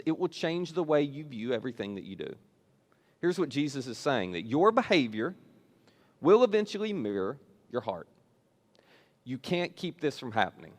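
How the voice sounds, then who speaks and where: A man preaching a sermon as a church pastor, telling the scripture story in a casual, conversational way. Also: fairly high pitch. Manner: storytelling, retells scripture in casual modern paraphrase.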